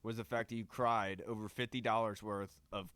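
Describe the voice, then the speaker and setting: A man's voice: lowish voice, level tone, moderate pace, fairly bright tone, clear, resonant tone, no echo. A man co-hosting a podcast, reacting with laid-back amusement in casual chat. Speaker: podcast co-host.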